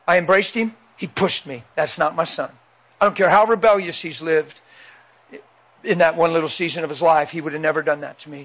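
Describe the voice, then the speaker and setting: A middle-aged man preaching with a notably high voice. He tells a story in a lively, animated way and acts out the dialogue. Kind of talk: sermon testimony.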